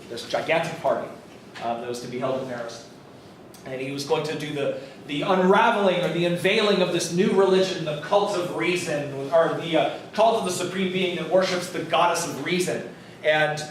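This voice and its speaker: A man with a high voice gives a casual, storytelling college lecture. He is recorded from across an echoey classroom, with faint room noise behind him. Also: distant mic. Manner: casual, storytelling, swears and laughs with students. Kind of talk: lively classroom lecture with acted-out quotes.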